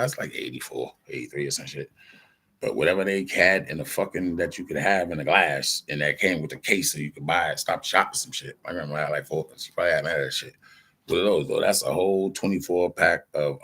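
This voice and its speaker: A middle-aged man with a low, gravelly voice rambles through a casual story, cursing freely and drifting from point to point. His voice has a husky grain to it. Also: brisk, fairly bright tone. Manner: loose, profane, meandering, acts out quoted people. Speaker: vlogger.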